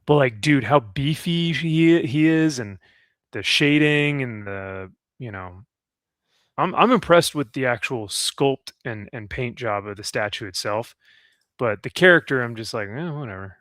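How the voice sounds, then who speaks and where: A man's voice: medium pitch, lively intonation, unhurried, fairly bright tone, no echo. Man, casual comic chat host, rambling and upbeat, dry close sound. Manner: rambling, upbeat, laughs often.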